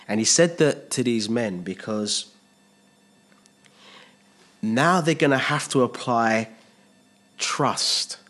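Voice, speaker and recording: A man's voice: on the low side, a bit bright. Earnest man preaching a sermon. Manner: earnest, emphatic preaching with repeated phrases and rhetorical questions. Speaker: pastor.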